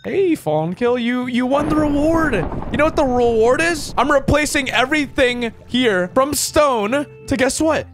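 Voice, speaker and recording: High-pitched young man, teasing gamer. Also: a little slow, hardly any pauses. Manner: teasing, gleeful, excitable exclamations. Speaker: Minecraft YouTuber hosting a server event. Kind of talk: playful gaming commentary. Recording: voice over loud background music.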